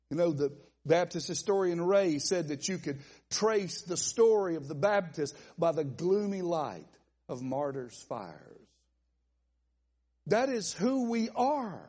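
A man preaching a sermon at a church conference, with a Southern accent and a folksy, animated delivery full of asides and laughs. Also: high voice, slightly rough. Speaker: pastor.

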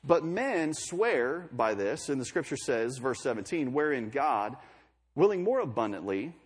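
A man's voice: mid-range voice, very animated, unhurried, husky. A young man preaching a sermon in a conversational way, with joking asides between scripture readings.

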